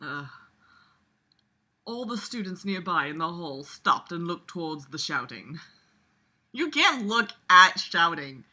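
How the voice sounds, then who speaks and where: A woman's voice: lowish voice, expressive, a little slow, pushed and bright. A woman mocking a story she reads aloud, sarcastic and exasperated, swearing and laughing as she comments. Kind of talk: comedic dramatic reading with commentary.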